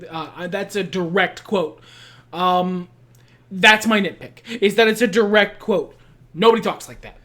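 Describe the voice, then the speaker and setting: A woman's voice: on the low side, measured pace, fairly bright tone. A woman co-hosting a podcast, ranting emphatically about a film in casual chat and swearing freely. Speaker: podcast co-host.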